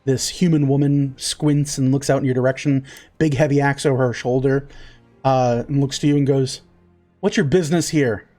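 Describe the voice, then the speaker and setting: A man's voice: medium pitch, little pitch movement, moderate pace, dark tone, faint music behind. Rambling man narrating as game master. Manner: rambling with many fillers.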